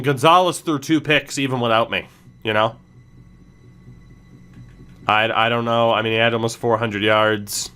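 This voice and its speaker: A man's voice: on the low side, pushed and bright, smooth. A man commenting on his own video game play, ranting and cursing at himself after mistakes. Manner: frustrated, swearing, self-blaming rants. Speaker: gaming streamer. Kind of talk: live gameplay commentary.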